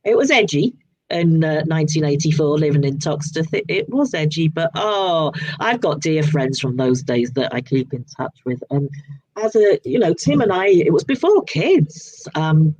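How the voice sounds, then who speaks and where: A woman in her sixties with a southern English accent, chatting as a guest author in a relaxed interview, rambling and restarting her sentences often. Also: deep voice, moderate pace. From southern England. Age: 60s. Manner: rambling, frequent restarts and repeated words. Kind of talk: casual interview chat.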